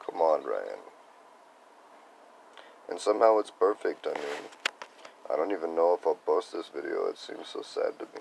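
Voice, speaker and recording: Tired, stuffy young man, deep and croaky, musing hesitantly to camera over faint hiss. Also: expressive, normal speed. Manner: soft-spoken, wandering, hesitant. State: congested and tired. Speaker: vlogger sharing spiritual reflections. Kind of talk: rambling personal video diary.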